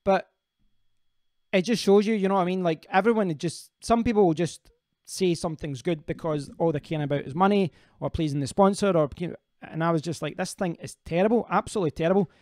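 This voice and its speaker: A man's voice: high-pitched, brisk, darkish tone, no echo, clean studio sound. A man hosting a casual live stream, rambling as he answers viewers' comments and often restarting his sentences.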